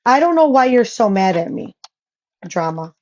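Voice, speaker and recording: A woman's voice: fairly high pitch, big pitch swings, moderate pace, darkish tone. A woman ranting in a vlog callout, blunt, profane and confrontational, with a dull lo-fi sound. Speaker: social media vlogger.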